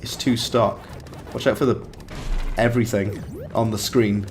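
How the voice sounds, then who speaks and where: A man's voice: on the low side, fairly even intonation, a little slow, darkish tone, soft background music. Chatty man streaming a game. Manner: chatty, reacts aloud and banters with chat. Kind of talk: live gameplay commentary.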